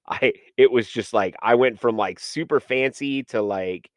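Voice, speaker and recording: A man's voice: mid-range voice, measured pace, no echo. A man who is a podcast guest, telling a casual, rambling story full of "like" and "um" and acting out his own past conversations.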